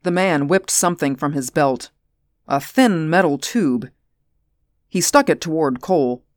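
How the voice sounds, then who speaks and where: A woman narrating a story aloud in a measured audiobook reading. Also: deep voice, expressive, dry recording, studio quality. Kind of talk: audiobook narration of science fiction.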